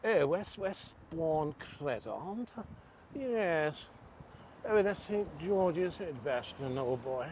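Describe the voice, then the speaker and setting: A man putting on a jokey posh English accent, playing a plummy upper-class gentleman. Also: fairly high pitch, expressive, drawn-out words, slight background noise, pitched above the performer's own voice. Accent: posh English, put on.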